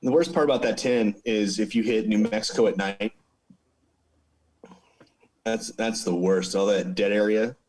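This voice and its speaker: A man's voice: on the low side, fairly even intonation, unhurried, long pauses, rough recording. A man hosting a podcast in casual chat, affectionate and openly fond of his guests. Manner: warm-hearted, affectionate with friends. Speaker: podcast host.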